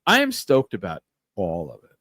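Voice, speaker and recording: Animated male podcast host, dry sound. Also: sits low, normal speed, no echo. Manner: excitable, animated storytelling. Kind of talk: casual chat.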